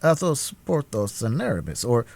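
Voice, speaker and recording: Man doing a quiet, dignified older musketeer. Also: medium pitch, very animated, moderate pace, vocal fry, dry recording. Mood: matter-of-fact. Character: older male musketeer, calm, dignified, wounded.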